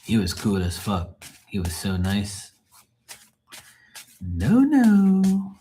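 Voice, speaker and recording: Low-voiced man rambling on a live stream. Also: flat delivery, unhurried, a little mellow, soft background music. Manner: rambling, profane, joking. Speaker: live tarot reader and streamer. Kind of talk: casual live-stream chat.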